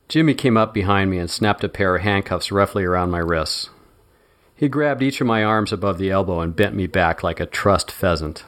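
Male narrator with a lowish voice for a first-person audiobook. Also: normal speed, a bit bright.

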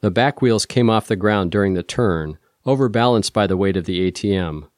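A man with a lowish voice narrates a first-person story in a steady, measured way. He is recorded on a close studio mic with a completely dry sound. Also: dry recording. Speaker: audiobook narrator.

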